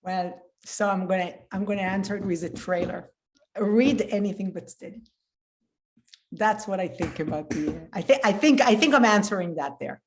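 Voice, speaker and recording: A woman speaks as the guest author at a live event, with a voice of ordinary middle pitch. She answers in an earnest, thoughtful way, pausing often as she gathers her thoughts. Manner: earnest, thoughtful, frequent "uh" pauses.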